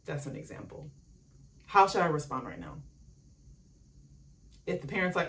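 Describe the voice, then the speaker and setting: Her voice sits on the low side, moving at a moderate pace with long pauses, and the recording sounds distant. As a solo motivational podcast host, she chats with the listener, asks questions, and lively acts out what her family and parents said.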